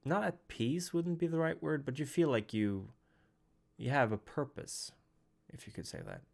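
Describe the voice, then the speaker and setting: A man's voice: mid-range voice, lively intonation, normal speed, creaky, darkish tone. A man narrating as game master of a tabletop role-playing game, in a thoughtful, hesitant way.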